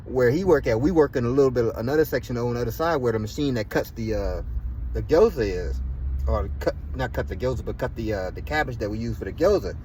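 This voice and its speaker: A man's voice: mid-range voice, animated, quick pace, mellow, slight background noise, low-quality recording. A man in pain, ranting indignantly to camera in a vlog, swearing often and restarting his sentences. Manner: profane, indignant, repeats and restarts himself. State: in pain from a fall. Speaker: vlogger. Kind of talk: angry personal rant to camera.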